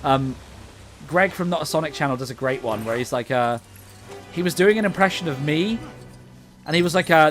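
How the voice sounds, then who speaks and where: A man's voice: fairly high pitch, expressive, a little fast, long pauses, a bit bright, soft background music. A young British man chatting casually while playing a game, rambling with lots of fillers and frequent laughter. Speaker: gaming co-host.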